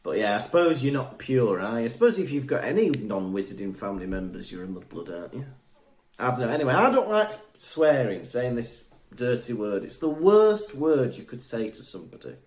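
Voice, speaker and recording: Lively, giggly man in an echoey room. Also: mid-range voice, fairly quick. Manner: giggly, jokey, animated. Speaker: podcast co-host. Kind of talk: casual chat.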